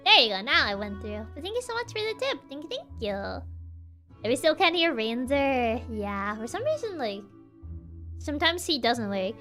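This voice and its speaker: A young woman chats and tells a goofy story on her livestream, playful and giggly. Her voice is high, bright and lively, with an unhurried pace. Soft music plays in the background. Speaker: streamer.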